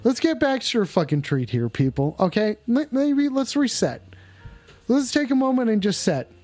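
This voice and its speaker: A man hosting a livestream call-in show, talking to his chat in a rambling, exasperated, profane way, stretching some lines out and rushing others. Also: very high voice, very animated, a little mellow, faint music behind. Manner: profane, exasperated, scolding viewers; drawn-out emphatic lines mixed with quick asides. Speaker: livestream host taking call-ins.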